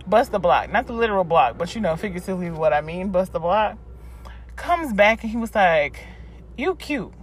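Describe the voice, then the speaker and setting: A woman in her thirties, a podcast host, chatting through a casual voice diary, laughing and throwing in lively asides. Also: on the low side, a little fast. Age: 30s.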